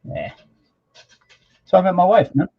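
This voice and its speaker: A man's voice: high-pitched, wildly swooping pitch, measured pace, gravelly, breathy edge, lo-fi sound. A man, a comic artist, chatting casually and rambling through stories on a livestream while he works, close to the microphone. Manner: rambling, offhand storytelling with mild swearing.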